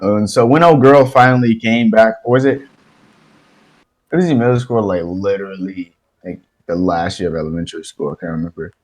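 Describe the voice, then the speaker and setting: A young man co-hosting a casual podcast, telling a story in an animated way, swearing and laughing as he goes. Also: fairly low pitch, a little fast, poor audio. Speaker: podcast co-host.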